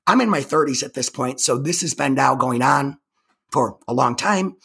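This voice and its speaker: Gravelly, husky woman telling her story. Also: very deep voice, a bit bright. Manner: halting, with frequent repeated restarts; emphatic, intense retelling. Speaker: interview guest. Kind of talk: personal storytelling in conversation.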